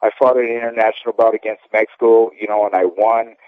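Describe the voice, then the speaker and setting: A former boxer in his fifties, a guest on a casual phone interview, rambles candidly through his memories, often tagging his points with "okay?" His voice is middle-pitched and flat, fairly quick, and the tinny phone line sounds dry and close with no room sound.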